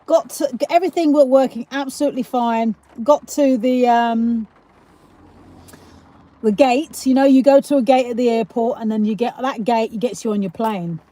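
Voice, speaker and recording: A woman's voice: on the high side, steady tone, moderate pace, mellow. A middle-aged woman with a South East London accent, hosting a live stream and telling a rambling, giggly story with casual swearing. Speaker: livestream host.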